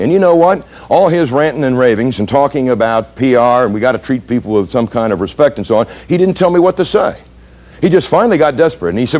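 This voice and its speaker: An American man gives a storytelling lecture on police training. His pitch swings widely and he talks fast. He keeps pulling the audience in with questions. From United States. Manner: animated, punchy storyteller who asks the audience questions.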